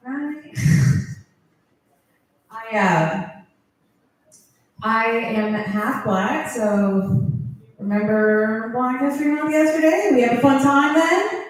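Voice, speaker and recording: A woman's voice: fairly high pitch, slow, pauses often. A woman doing a stand-up set, rambling and self-deprecating and often laughing at her own jokes. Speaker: stand-up comedian. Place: comedy club. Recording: very echoey club room.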